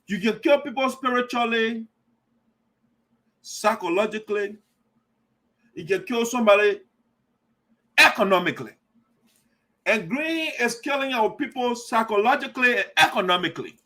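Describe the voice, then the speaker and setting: A man's voice: extremely high pitch, lively intonation, normal speed, pauses often, sharp tone. A man hosting an online radio show, giving heated, repetitive political commentary and calling the listener "my brother.". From Liberia.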